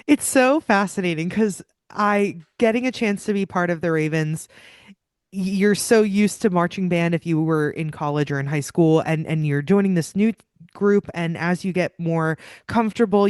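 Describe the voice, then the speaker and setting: A woman's voice: fairly low pitch, darkish tone, dry recording, studio quality. Enthusiastic woman podcast host. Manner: enthusiastic, curious questioner. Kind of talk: podcast interview.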